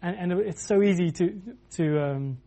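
A man's voice: high-pitched, moderate pace, vocal fry, mellow. A man preaching a sermon in a loose, conversational way, with many restarts and filler words.

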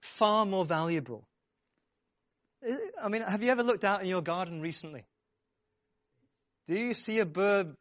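A man's voice: sits high, a little slow, pauses often, fairly bright tone, no room sound, highs cut off. A man preaching a sermon, speaking emphatically, repeating his phrases and urging the congregation on. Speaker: pastor.

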